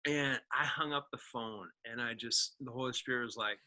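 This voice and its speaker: A man from Indiana sits in as a podcast guest and spins a personal story, his voice bright and forward at an ordinary middle pitch. He is an animated talker who drops into the voices of the people he quotes and leans on casual fillers. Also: moderate pace. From Indiana, USA.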